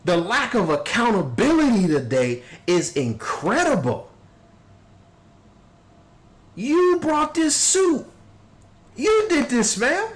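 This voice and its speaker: A man's voice: high voice, poor audio. A man hosting a podcast, reacting to a court video in casual commentary, mocking and acting out people. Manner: animated, mocking, acts out people in quotes.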